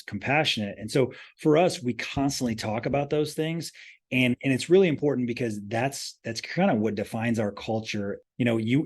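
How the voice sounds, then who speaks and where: A man's voice: medium pitch, a little mellow. A man, a company president, talking earnestly as a podcast guest, often restarting his phrases and pressing hard on key points. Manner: earnest, emphatic, many restarts. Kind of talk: podcast interview.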